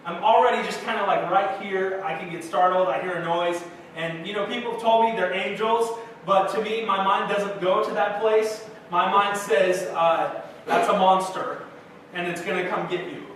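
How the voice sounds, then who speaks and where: Young man, pastor, casual self-deprecating sermon, high voice, heard from a distance. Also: fairly even intonation, moderate pace, a bit bright. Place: church sanctuary. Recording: echoey church hall from far off with faint noise.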